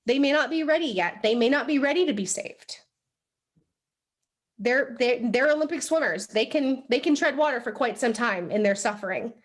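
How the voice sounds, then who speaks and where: Speaking at a normal speed, a young woman who trains sales teams gives an animated, motivational session to a group gathered in a room. Her slightly high voice is chatty, and she keeps the audience with her through frequent "like"s and "right?"s.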